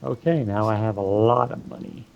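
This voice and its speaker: A man's voice: on the low side, normal speed, gravelly, lo-fi sound, a little hiss or hum. A man chatting casually while playing a co-op game, laid-back and self-deprecating, with plenty of ums. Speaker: co-host gamer. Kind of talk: casual co-op gaming chat.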